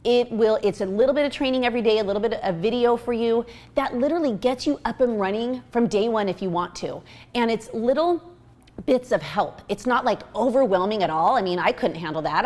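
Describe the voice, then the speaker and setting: A woman in her thirties giving a casual, upbeat recruiting pitch as a team coach, chatty and full of fillers. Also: darkish tone.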